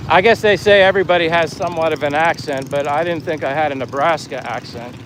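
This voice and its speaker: A man's voice: fairly high pitch, fast, fairly bright tone, poor audio. A man in his fifties from Pennsylvania, chatting casually on a live stream while walking by the sea, rambling and friendly as he reads out viewer comments. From Pennsylvania, USA. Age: 50s. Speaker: vlogger, live-stream host. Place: outdoors by the sea in a town. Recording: faint outdoor noise, wind on mic. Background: breeze and faint street and boat sounds.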